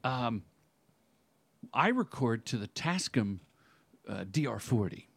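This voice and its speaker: A man's voice: mid-range voice, big pitch swings, slow, vocal fry, a bit bright, breathy edge, dry recording. A man appearing as a podcast guest, chatting casually and explaining things step by step. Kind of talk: casual chat.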